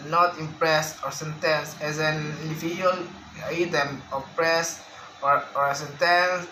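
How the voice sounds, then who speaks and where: Slow, bright-voiced man reading a lesson. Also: on the high side. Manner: slow, careful reading of word lists with restarts. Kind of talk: reading a phonetics lesson aloud. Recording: echoey room with faint background hiss.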